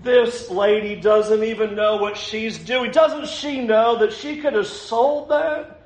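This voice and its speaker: A man's voice: sits high, fairly even intonation, takes it slowly. A man voicing grumbling, indignant male disciples who scoff and complain, recorded in an echoey room.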